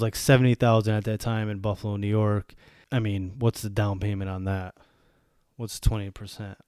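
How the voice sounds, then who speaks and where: Thirties american guy venting on his podcast, swears a lot, mellow voice, dry sound. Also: lowish voice, clean tone, dry recording. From United States. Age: 30s. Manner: profane, ranting. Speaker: podcast host. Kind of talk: casual monologue.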